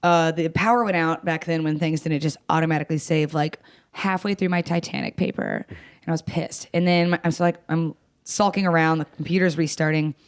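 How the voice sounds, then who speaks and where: A young adult woman comedian swaps stories in a loose, casual chat. She is blunt and profane, laughs easily and mocks herself, with a slightly low pitch. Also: steady tone, brisk. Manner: blunt, profane, self-mocking, laughs often. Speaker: comedian guest.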